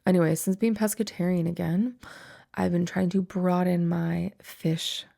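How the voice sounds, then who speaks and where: A woman's voice: fairly low pitch, steady tone, a little slow, creaky, mellow. A young woman in her twenties hosting a solo podcast, chatting casually with lots of "like" fillers and frequent laughter. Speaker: podcast host.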